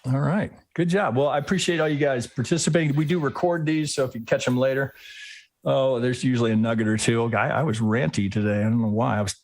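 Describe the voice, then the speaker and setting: A man's voice: medium pitch, quick pace, no room sound. A man hosting a live trading lesson, talking through charts as he thinks, often ending thoughts with "right?" and restarting his sentences. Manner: rambling, thinks aloud, tags lines with "right?"; frequent restarts and self-corrections. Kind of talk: live screen-share chart analysis.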